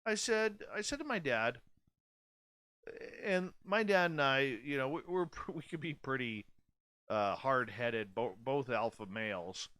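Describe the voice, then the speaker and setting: A man's voice: mid-range voice, expressive, measured pace, a bit bright. A man in his forties hosting a radio show, speaking bluntly and candidly in a casual late-night monologue. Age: 40s. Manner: blunt, candid and profane, with many restarts.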